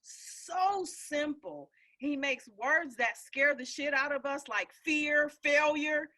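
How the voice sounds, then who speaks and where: Woman host, lively and forceful, animated pep-talk delivery on a group call. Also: high-pitched, takes it slowly. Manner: emphatic, encouraging, animated. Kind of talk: casual group call chat.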